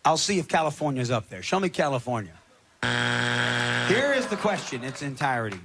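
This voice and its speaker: A man hosting a television game show, joking and reading survey questions briskly. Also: fairly high pitch, sing-song. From Kentucky. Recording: old TV broadcast with loud studio audience. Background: studio audience noise.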